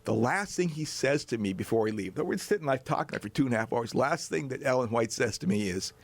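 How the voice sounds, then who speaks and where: A man in his sixties from North Dakota, a bass player telling a long story as a guest, animated and chuckling as he goes. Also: brisk, no room sound. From North Dakota, USA. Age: 60s. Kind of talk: storytelling anecdote in a chat.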